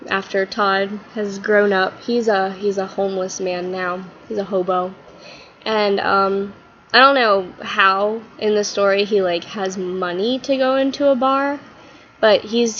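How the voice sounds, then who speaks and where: A woman's voice: mid-range voice, fairly bright tone, muffled recording, a little hiss or hum. A woman vlogger telling a story in a casual, rambling way with lots of fillers.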